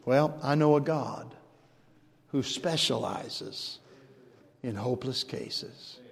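An older man preaching a sermon, swinging from shouted declarations to hushed storytelling. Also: mid-range voice, slow pace, creaky, breathy edge. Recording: long reverb of a large hall.

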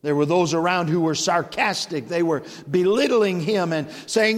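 A man's voice: high voice, normal speed, hardly any pauses, big-room sound. A man preaching a revival sermon with rising, impassioned emphasis and repetition.

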